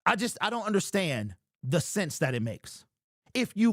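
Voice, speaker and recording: A man's voice: high-pitched, sing-song, normal speed, no room sound, studio quality. A young man hosting a sports livestream, ranting in disbelief and reading viewer comments. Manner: exasperated, incredulous, repeats himself. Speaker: sports show host. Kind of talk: livestream sports rant, reading super chats.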